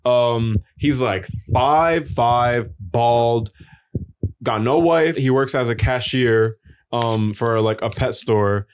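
Young man, podcast co-host, casual rambling storyteller, swears a lot, mid-pitched voice. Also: slow, clean tone. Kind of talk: casual chat.

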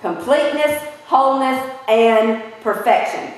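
A woman preaching a sermon in an animated way, putting questions to her listeners. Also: high voice, unhurried. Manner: animated, asks the audience questions. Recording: echoey hall from far off.

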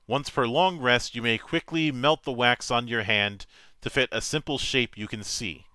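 A man reads tabletop game rules aloud as game master, steady and matter-of-fact, tripping over the odd word. His voice is bright and forceful. The sound is dry and close. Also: medium pitch, clean tone, no echo. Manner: measured, matter-of-fact reading with small stumbles.

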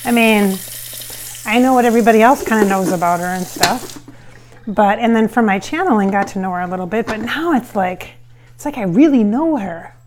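A woman's voice: mid-range voice, brisk, darkish tone, slight background noise. Woman rambling casually in her kitchen vlog, lots of um and like, dishes clinking faintly. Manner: rambling, chatty, many fillers. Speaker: psychic medium vlogger. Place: home kitchen with hardwood floors.

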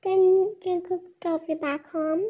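A woman's voice: extremely high pitch, level tone, takes it slowly, warm tone, low-quality recording. A woman reading a fan fiction story aloud, speaking the speaker tags and stage cues along with the text.

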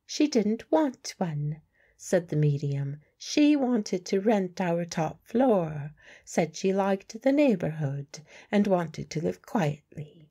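A woman's voice: on the low side, very animated, slow, mellow, slightly rough, exaggerated voice. A woman narrator voicing a guarded, blunt working-class woman medium in an audiobook.

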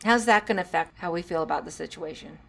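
A woman hosting a solo podcast and talking through parenting advice. She is a former teacher, and she moves between hushed asides and bursts of laughter. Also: fairly low pitch, fast talker, creaky. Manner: animated, drops to hushed tones and laughs while telling stories. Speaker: podcast host.

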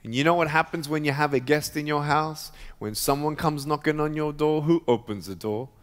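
Male guest preacher, slightly higher voice, emphatic sermon delivery, church reverb. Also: a little fast. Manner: emphatic, preaching with rising intensity. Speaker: guest speaker.

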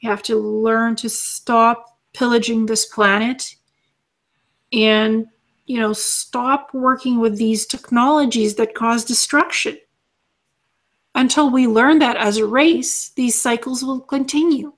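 A woman channeling as an alien being, calmly teaching and repeating her lessons as numbered lists. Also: fairly high pitch, takes it slowly.

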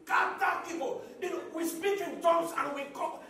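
A man preaching a sermon as a pastor, repeating phrases and building up to shouts. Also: extremely high pitch, steady tone, brisk, vocal fry. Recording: echoey hall, mic at a distance.

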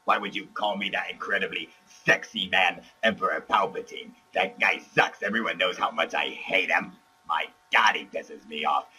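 A man's voice: low-pitched, normal speed, pushed and bright, slight background noise, pitched below the performer's own voice, rough recording. A man voicing a sleazy old male emperor who poses as a hero and brags and swears while lying badly. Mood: quiet, sly. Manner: profane, boastful, lying badly.

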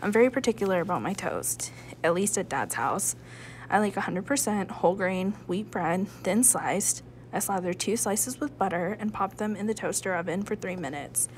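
A woman, a school librarian, reading a chapter book aloud in a lively first-person narration with hushed asides. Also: mid-range voice, moderate pace, slight background noise.

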